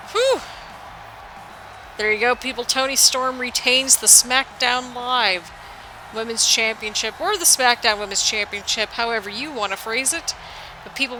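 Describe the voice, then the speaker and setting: Bright-voiced woman doing rambling game commentary. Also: fairly high pitch, a little hiss or hum, poor audio. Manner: rambling and self-deprecating, jokes about her own slip-ups. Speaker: let's play commentator. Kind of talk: casual play-by-play commentary over a video game. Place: home apartment.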